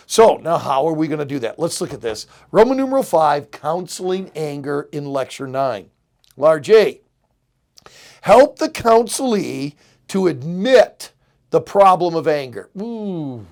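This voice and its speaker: A man's voice: fairly high pitch, big pitch swings, unhurried, darkish tone. A middle-aged man giving an earnest, emphatic lecture on counseling, addressing students directly. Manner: earnest, emphatic, illustrates with examples. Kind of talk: recorded seminary lecture.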